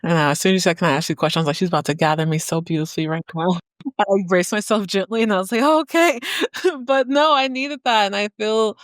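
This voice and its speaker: A woman's voice: medium pitch, fast talker, no room sound. A woman hosting a podcast who tells stories in a chatty, rambling way, filling her talk with "like" and laughing often. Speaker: podcast host. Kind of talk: podcast conversation.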